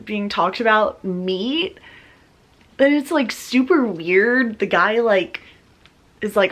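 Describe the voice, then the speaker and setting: A young woman chatting casually to the camera about books, full of fillers and animated retellings. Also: mid-range voice. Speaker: book vlogger. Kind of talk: casual vlog chat. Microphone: camera mic, talking close to camera.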